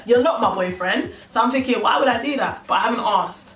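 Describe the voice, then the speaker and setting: Lively young woman telling a story. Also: on the high side, a little fast. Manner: animated, slangy, acts out both sides of a story. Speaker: vlogger. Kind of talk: casual storytime. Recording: echoey room, mic at a distance, faint music.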